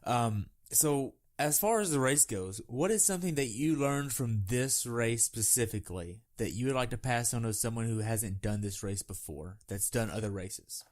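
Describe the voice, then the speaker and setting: A man hosting a podcast, his voice sitting at an ordinary middle pitch. He asks questions in a friendly, conversational way and laughs easily along with his guest. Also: normal speed, few pauses, darkish tone. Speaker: podcast host. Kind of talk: casual interview.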